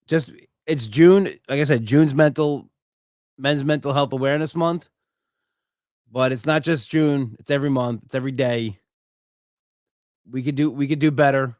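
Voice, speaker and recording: In a slightly mellow, medium-pitched voice with a clean tone, a middle-aged podcast host delivers a heartfelt solo monologue. He frequently starts over and leans on "you know," and the studio-quality audio has no echo.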